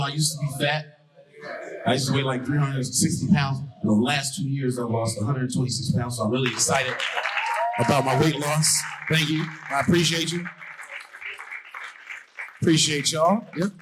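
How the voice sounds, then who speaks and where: Here a man from Brooklyn, New York, works a live comedy stage with profane, conversational material and punchy timing, backed by a loud crowd. His voice leans high, and the recording is low quality.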